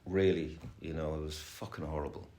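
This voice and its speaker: With an extremely low, dark voice and a steady tone, a middle-aged man speaks fairly quickly. He's sharing at a recovery meeting, rambling and candid and heavily profane, in a room that echoes with faint background noise.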